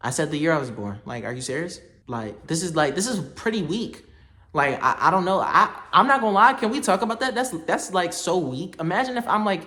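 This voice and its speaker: A young man telling a story to the camera, animated and slangy, laughing often. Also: fairly high pitch. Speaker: vlogger.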